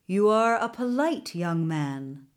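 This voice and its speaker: A woman voicing a weary older male guardian warrior in a storybook reading, speaking gently and courteously. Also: medium pitch, expressive, takes it slowly.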